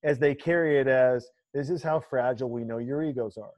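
A man's voice: mid-range voice, a little fast, muffled recording, noisy background. A man hosting a casual podcast, talking emphatically with crude jokes and riffs. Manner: emphatic, profane, riffing banter. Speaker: podcast host. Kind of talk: casual chat.

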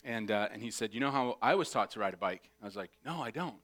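Animated man preaching a sermon. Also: lowish voice, quick pace. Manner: animated storyteller, acts out shrieking child voices. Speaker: pastor. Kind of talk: sermon with storytelling.

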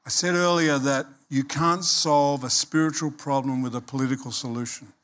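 A man preaching a sermon as pastor, animated and emphatic, acting out quoted voices. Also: medium pitch, normal speed.

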